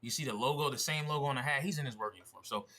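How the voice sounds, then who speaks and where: A man's voice: mid-range voice, racing, pushed and bright, slight background noise. A man from Pennsylvania hosting a casual reaction vlog, telling a story in loose slangy speech with frequent swearing. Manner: casual slangy, swears, says bro often. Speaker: vlog host reacting to a video.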